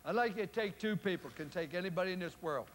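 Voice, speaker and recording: A man's voice: high voice, quick pace, slight background noise. Older man giving a punchy motivational speech. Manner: storytelling, acts out quoted exchanges with sudden loud rises and quiet drops. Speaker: football coach giving a keynote speech. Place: event room before a live audience.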